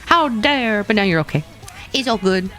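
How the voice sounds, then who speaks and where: A woman's voice: mid-range voice, expressive, moderate pace, fairly bright tone, soft background music. A woman streamer casually chatting with her viewers in a playful, rambling way, often laughing and repeating herself. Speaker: VTuber streamer.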